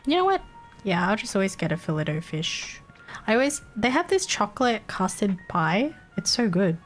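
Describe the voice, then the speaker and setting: A woman's voice: mid-range voice, sing-song, normal speed, faint music behind. A young Australian woman streaming live, chatting casually in a rambling, giggly, playfully crude way.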